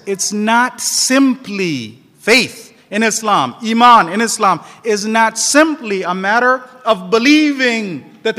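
Lively high-voiced preacher in echoing hall. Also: male voice. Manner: animated, acts out quoted dialogue; quotes Arabic scripture. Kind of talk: sermon.

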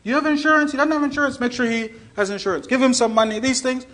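Man doing a kind forgiving leader, high-ish voice, gentle orders. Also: fairly even intonation, quick pace. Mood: reassuring. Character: kind, gracious religious leader, grown man.

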